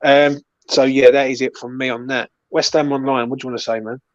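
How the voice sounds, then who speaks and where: A man's voice: medium pitch, level tone, fairly quick, no echo, lo-fi sound. A man with a London accent hosting a casual post-match fan chat, passionate and swearing often, tagging "yeah" and "right" onto his lines. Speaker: fan channel host.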